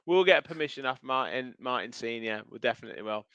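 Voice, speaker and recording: Bright, clear-voiced male podcast host. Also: mid-range voice, expressive, quick pace, no room sound. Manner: chatty, runs the show and signs off. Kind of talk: casual football podcast chat.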